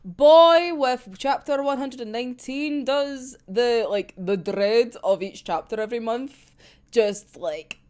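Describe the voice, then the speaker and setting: A woman reacting to a manga chapter in a casual chat. Her voice is rough because she is unwell, and she swears a lot and laughs often. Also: a little high, slow pace, a little mellow. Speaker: manga reviewer.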